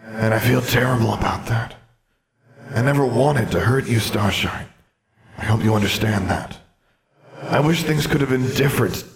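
A man voicing the ghost of an aging wizard in a fantasy audiobook, speaking softly and kindly, trying to placate. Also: mid-range voice, moderate pace, gravelly, pauses often, pitched above the performer's own voice, close to an everyday voice. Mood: gentle, regretful. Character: gentle regretful ghost of an aging male wizard.

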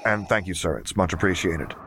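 A man reading a gentle weary young engineer. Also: low voice, fairly even intonation, a little fast, background noise, natural voice. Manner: soft, weary, reassuring.

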